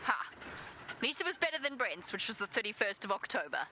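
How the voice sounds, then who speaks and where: A woman's voice: mid-range voice, very animated, fast talker, noisy background. A South African woman giving live safari commentary from an open vehicle outdoors, chatty and self-deprecating. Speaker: safari guide.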